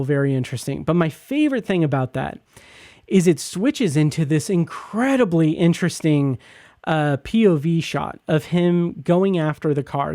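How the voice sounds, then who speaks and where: A man hosting a podcast, reviewing a TV episode in a casual, halting way with lots of fillers and restarts, enthusiastic about what he likes. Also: on the high side, dark tone, dry recording, studio quality.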